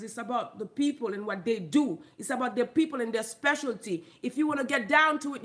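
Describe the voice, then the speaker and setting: A woman from Haiti, ranting bluntly and profanely into her phone, swinging between loud outbursts and muttering. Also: on the high side. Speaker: vlogger. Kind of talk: profane comedic rant.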